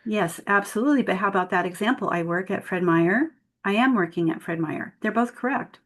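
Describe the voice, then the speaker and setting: Speaking fairly quickly in a medium pitch, a woman trains tutors in an online workshop. Over a video call mic, she walks through grammar points with example sentences said aloud.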